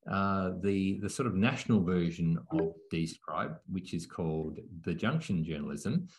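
A man who teaches journalism speaks with a lisp, answering interview questions in a relaxed way with many restarts. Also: low voice, normal speed. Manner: relaxed, with frequent restarts and fillers. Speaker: journalism lecturer.

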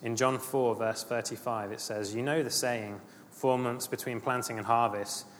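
A man's voice: mid-range voice, steady tone, normal speed. Male preacher, earnest, emphatic, repetitive; long hall reverb, faint room noise. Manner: earnest, rising emphatic passages, repeats phrases. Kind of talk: sermon.

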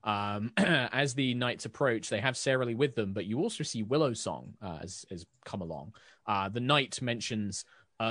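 A man running a tabletop game as game master, narrating in a relaxed way with many fillers. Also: lowish voice, moderate pace, no room sound, clean studio sound.

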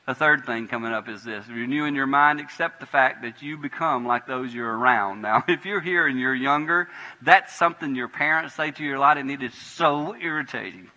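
A man preaching a sermon as pastor in a church, moving between hushed prayer and loud, animated emphasis. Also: medium pitch, normal speed. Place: church sanctuary. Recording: long hall reverb.

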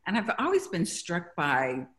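A middle-aged woman from Mexico, a guest in an interview, telling stories with halting restarts. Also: fairly low pitch, huge pitch swings. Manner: warm storytelling, grows emotional, halting restarts. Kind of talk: conversational interview.

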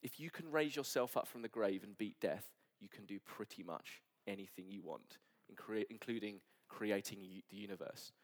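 A man preaching a sermon at a church service, earnest and sometimes dropping to soft near-whispers. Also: fairly low pitch, normal speed, few pauses. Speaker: pastor.

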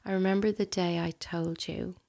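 A woman, a guest talking intimately and hesitantly in a soft, often breathy, near-whispered voice. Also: lowish voice, steady tone, moderate pace. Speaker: guest sharing a personal story. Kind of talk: intimate conversation.

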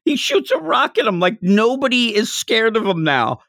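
Male podcast co-host, lively pitch, dry close sound, playful scene retelling. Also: moderate pace, gravelly, dry recording. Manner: animated, acts out character lines in funny voices. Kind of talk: casual manga discussion.

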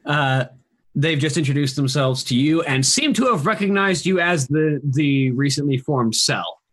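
A man narrating as game master in a tabletop role-playing game, in a relaxed, conversational way. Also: on the high side, normal speed.

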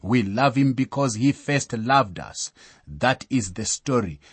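A male preacher giving measured Bible teaching, telling a story and citing scripture verses. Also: medium pitch, lively intonation, slightly rough, no echo. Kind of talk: sermon-style Bible teaching.

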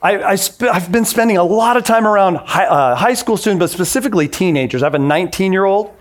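A man's voice: sits high, animated, fast. A man in his forties preaching a sermon in a casual, conversational way, acting out the voices he quotes. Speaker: pastor.

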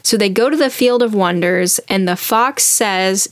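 A woman chatting casually and retelling a story, slipping into quick character voices along the way. Her voice sits at a middle pitch and sounds dry and close, with little room sound. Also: dry recording.

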